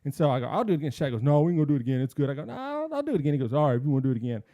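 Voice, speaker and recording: A man hosting a casual podcast, telling an animated story and acting out what people said. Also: mid-range voice, rapid-fire, no room sound, highs cut off. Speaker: podcast host.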